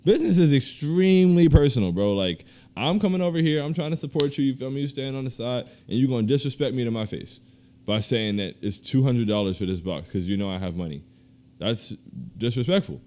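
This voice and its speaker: A man co-hosting a casual podcast, ranting in animated, slangy bursts and laughing through his complaints. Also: medium pitch, a little fast. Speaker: podcast co-host.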